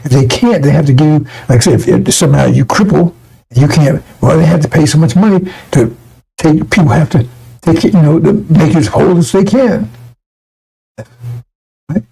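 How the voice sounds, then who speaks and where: A man's voice: a little high, a little fast, vocal fry, long pauses, warm tone, slightly rough, low-quality recording. A man giving fiery, emotional spoken commentary, rambling with many restarts.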